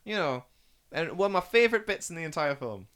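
A young man hosting a casual film chat, rambling with fillers and restarts and bursting into excited impressions. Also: a little high, quick pace. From Northeast England. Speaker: podcast host.

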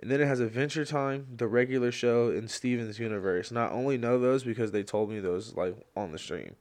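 A young man hosting a casual solo podcast, telling rambling stories full of slang and fillers, and getting loud and worked up when he rants. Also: medium pitch, a little fast. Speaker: podcast host.

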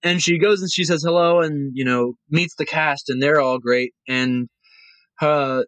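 Emotional, animated man telling a story. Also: on the high side, measured pace, no echo, low-quality recording. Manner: animated, emotional, acts out quoted voices. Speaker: guest, cruise line cast member. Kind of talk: casual podcast storytelling.

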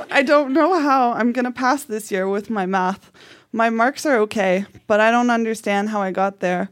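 A woman's voice: fairly high pitch, brisk. A woman on stage at a live show, reading her old letters aloud with mock outrage while the audience laughs.

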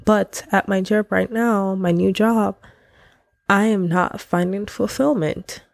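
A woman's voice: mid-range voice, steady tone, takes it slowly, creaky, dry recording. A young woman from Nigeria hosting her own podcast, chatting casually and candidly with slang and laughter, her voice nasal and congested. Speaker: podcast host. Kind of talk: casual solo podcast chat.

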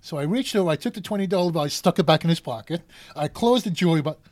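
Middle-aged male guest storyteller, fairly high voice, lively delivery, acts out voices. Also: rapid-fire. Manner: animated storyteller acting out voices. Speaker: cable car gripman, interview guest. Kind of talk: storytelling in a podcast interview.

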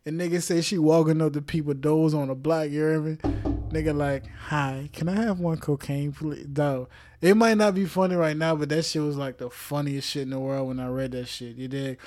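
A man's voice: on the high side, steady tone, fairly quick, darkish tone, faint music behind. A man hosting his own podcast, talking loosely and jokingly in a casual monologue full of slang, swearing and asides to the listener. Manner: frequent laughs and check-in asides. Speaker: podcast host.

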